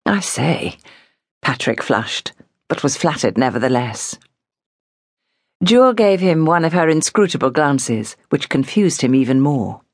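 A woman narrating an audiobook in a measured, expressive storytelling manner. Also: extremely low pitch, dry recording, studio quality. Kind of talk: scripted narration.

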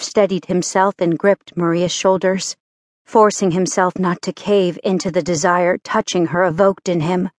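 A woman narrating a romance audiobook in a measured, even storytelling manner. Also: lowish voice, no echo, studio quality. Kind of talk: scripted narration.

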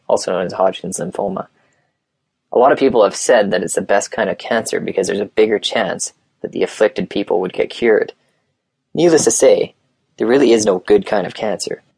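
A man narrating an audiobook in a plain, steady reading voice on a close mic. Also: on the low side, gravelly, breathy edge, no echo. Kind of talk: scripted narration.

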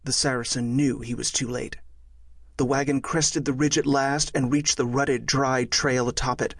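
A man narrates a thriller audiobook in a measured, steady way. His mid-pitched voice carries a gravelly texture. The recording is dry and close, with no room sound. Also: dry recording.

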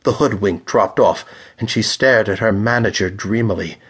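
A man narrating a pulp thriller audiobook in a measured, dramatic reading style. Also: on the low side, fairly bright tone, slightly rough.

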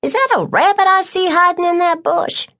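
A woman's voice: very high-pitched, moderate pace, a bit bright. A woman reading blunt, teasing Tucker. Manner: folksy dialect, teasing.

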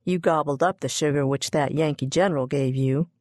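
A woman's voice: deep voice, brisk, darkish tone, no echo, studio quality, lightly acted. A woman voicing a stern, proud old grandmother who speaks firmly in a storybook reading.

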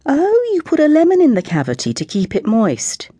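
An unflappable, chatty middle-aged mum, as a woman narrator puts her on talks in a brisk, soothing counsellor tone. Her voice is pitched higher than the narration and swings widely. The sound is dry and close. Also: wildly swooping pitch, mellow, dry recording. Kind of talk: audiobook character voice.

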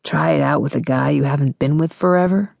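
A woman's voice: deep voice, brisk, gravelly, darkish tone, no room sound, clean studio sound, exaggerated voice. A woman doing a smug, pushy college guy. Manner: condescending, pushy. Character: smug young male college boyfriend.

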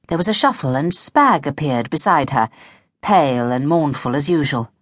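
A woman reads a children's novel aloud with animated, expressive storytelling. Her pitch moves a great deal. The studio sound is close and dry. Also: normal speed, no echo. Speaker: audiobook narrator. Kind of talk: children's audiobook narration.

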